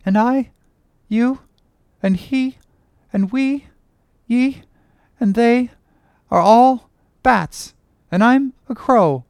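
A crazed young cabin boy chants and rambles in a sing-song, played by a woman. The voice is clean and smooth, sitting a little high, and it drifts along at a very unhurried pace. The recording is dry and close, like a storybook read in the studio. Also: a little mellow, no echo. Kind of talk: audiobook character reading.

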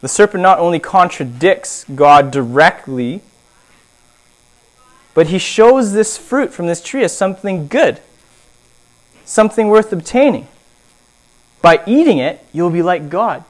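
A high-voiced man delivers a sermon, animatedly telling stories and swinging between loud emphasis and hushed asides.

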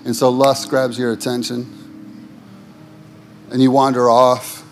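A male pastor preaching a sermon. His phrasing is rhythmic and repetitive, and his voice swings from impassioned highs to sudden low, quiet emphasis. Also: flat delivery, unhurried.

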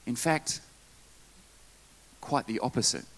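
A man preaching a sermon in church, lively, with asides and jokes to the congregation. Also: medium pitch, slow pace. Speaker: pastor.

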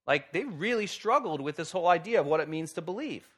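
A man pastor giving a sermon in a conversational, lively way with wry humor. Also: fairly high pitch, quick pace, husky.

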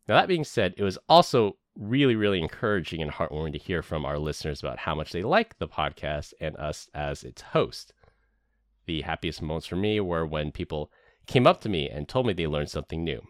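A man's voice: low-pitched, very animated, fairly quick, no room sound, clean studio sound. A man hosting a podcast, narrating a prepared year-end recap in an earnest, scripted way. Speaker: podcast host. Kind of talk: scripted narration and casual chat.

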